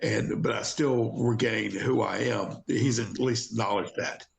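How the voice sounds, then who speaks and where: A man playing in a tabletop role-play game, describing his moves with excited restarts. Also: lowish voice, a little slow, creaky. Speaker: player.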